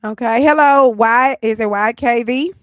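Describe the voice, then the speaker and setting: A woman hosts a live call-in stream in a fairly high, smooth and resonant voice. She is upbeat and inviting and repeats her instructions. The sound is dry and close. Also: a little slow, dry recording. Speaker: livestream host. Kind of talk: live call-in show hosting.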